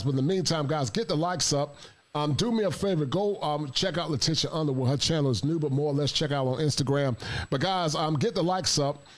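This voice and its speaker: A man working as a therapist who hosts a talk show, speaking in an emphatic, preachy and frank way during a casual discussion. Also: on the high side. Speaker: podcast host and therapist.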